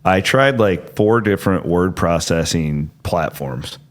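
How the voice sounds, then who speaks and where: Low-voiced rambling man hosting a podcast. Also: lively intonation, measured pace. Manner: rambling, filler-heavy, self-interrupting. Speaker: podcast host. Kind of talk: casual chat and storytelling.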